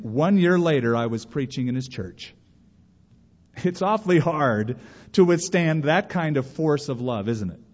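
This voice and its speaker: A male pastor preaching a sermon, animated, acting out quotes with sudden bursts of energy. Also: medium pitch. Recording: muffled recording in a reverberant hall.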